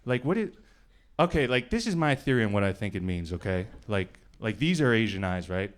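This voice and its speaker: A male stand-up comedian from New York doing a club set in a conversational, deadpan style with bursts of acted voices. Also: lowish voice, brisk. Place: comedy club stage before a live audience. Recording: live club recording with audience noise.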